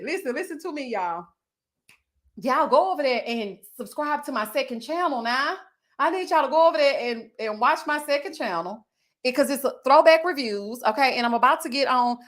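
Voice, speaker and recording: A woman recapping a reality show on her channel, chatting loosely with viewers, reading their comments aloud and laughing often, with drawn-out endearments. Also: fairly high pitch, fairly bright tone. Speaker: TV recap YouTuber. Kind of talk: casual recap commentary reading live chat.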